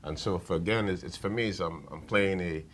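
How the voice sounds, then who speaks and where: A man's voice: deep voice, brisk, a bit bright, slight background noise. A man, a pastor, speaking as a guest on a TV panel discussion, hesitant, with many fillers and restarts. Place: TV studio.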